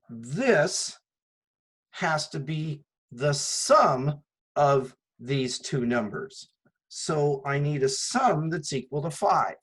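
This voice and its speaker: This math instructor's voice is a little high and slightly rough, heard on a rough recording of his classroom lecture. He goes step by step with patience, frequently raising rhetorical questions before supplying the answers.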